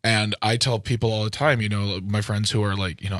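A man from the Midwestern US, co-hosting a casual chat in an animated, mocking, jokey way. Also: fairly low pitch, fairly quick, hardly any pauses, no room sound, studio quality. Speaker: podcast co-host.

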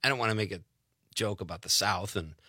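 A man's voice: fairly low pitch, fast, pushed and bright, husky, no room sound, clean studio sound. A man with a Wisconsin accent hosting a casual radio talk show and reading listener messages. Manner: chatty, reads listener messages aloud. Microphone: studio mic.

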